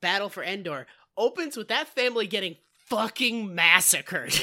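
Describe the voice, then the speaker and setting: Bright, high-voiced man retelling excitedly. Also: normal speed, hardly any pauses. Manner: excitable, swearing storyteller who laughs through his retelling. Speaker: podcast co-host. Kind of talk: casual comedic chat.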